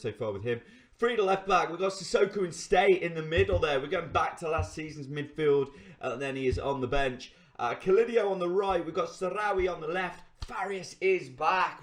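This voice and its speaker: A man hosting a gaming channel, commentating his own game live to viewers, swinging between excitement and exasperation. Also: on the high side.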